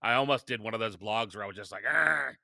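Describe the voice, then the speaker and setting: Forceful, bright-voiced man telling stories. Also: fairly low pitch, racing, no echo, studio quality. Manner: energetic storytelling with frequent restarts. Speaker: podcast guest. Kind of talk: casual interview talk.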